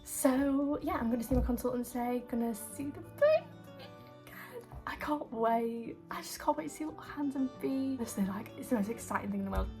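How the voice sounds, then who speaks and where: A woman's voice: high voice, lively intonation, a little fast, darkish tone, soft background music. A young woman, vlogging in a rambling, emotional, casual way with lots of fillers. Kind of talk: casual chat.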